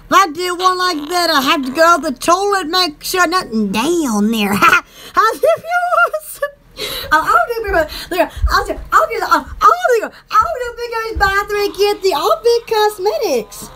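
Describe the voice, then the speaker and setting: A woman with a Southern US accent hosting a casual live stream for her online shop, giggly and excitable, rambling with lots of fillers. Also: extremely high pitch, unhurried, slight background noise. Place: home in the woods.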